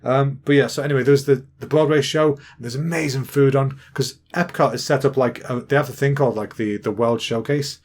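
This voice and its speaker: English man, 30s, podcast host; relaxed rambling storyteller, quick with jokes. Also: mid-range voice. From England. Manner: rambling, chatty, jokey. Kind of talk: casual storytelling monologue.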